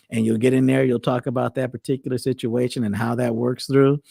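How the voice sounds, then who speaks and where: A man's voice: medium pitch, steady tone, brisk, creaky, mellow, husky, no echo, studio quality. A man hosting a show, talking in a loose, rambling way with frequent restarts. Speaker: host. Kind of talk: casual monologue.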